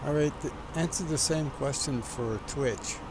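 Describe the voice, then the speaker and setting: A man's voice: on the high side, a little slow, background noise. A man streaming a flight simulator, chatting casually and teasingly with a voice assistant.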